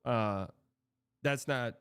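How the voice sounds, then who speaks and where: A man's voice: mid-range voice, extremely slow, a bit bright, clear, resonant tone, no echo. A young man hosting a casual sports livestream, reading out donations and rambling with exasperated, profane reactions. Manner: exasperated, rambling, swearing, reads donor messages aloud.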